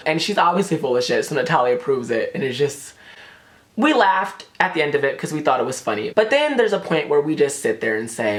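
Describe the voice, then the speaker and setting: A young man telling a storytime to his camera, rapid and animated, with lots of swearing. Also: a little high. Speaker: vlogger. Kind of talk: casual storytime.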